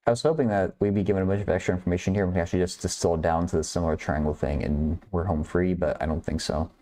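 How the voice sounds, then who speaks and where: Man, low voice, mellow tone, casual math stream host, thinking out loud, chatty with chat. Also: steady tone, racing. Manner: thinking aloud, chatting with viewers, laughs often. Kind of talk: casual livestream problem-solving.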